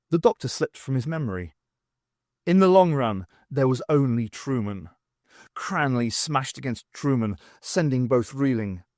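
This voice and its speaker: A man narrating an unabridged audiobook in a measured, dramatic reading. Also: medium pitch, darkish tone, no room sound, studio quality. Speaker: audiobook reader.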